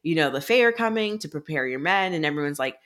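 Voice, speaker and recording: Fast and lively, a young woman with a deep, fairly bright voice co-hosts a podcast over video call. She recaps a novel in relaxed, chatty fashion, swearing casually and voicing the characters' lines herself.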